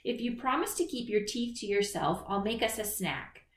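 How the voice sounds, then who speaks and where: A woman voicing a practical, bossy female groundhog who talks brisk and grumpy, in a roomy recording. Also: mid-range voice, expressive, slight background noise, natural voice. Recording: roomy echo.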